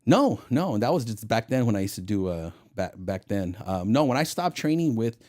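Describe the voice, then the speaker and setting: A man's voice: lowish voice, normal speed. A middle-aged man, a retired federal agent, telling stories as a guest in a casual interview and acting out the dialogue. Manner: animated, acts out quoted dialogue.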